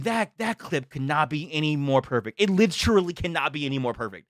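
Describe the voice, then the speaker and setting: A young man streaming a live reaction to a trailer. He is excitable, makes lots of exclamations and laughs often. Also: fairly high pitch, a little fast, few pauses, no room sound, clean studio sound.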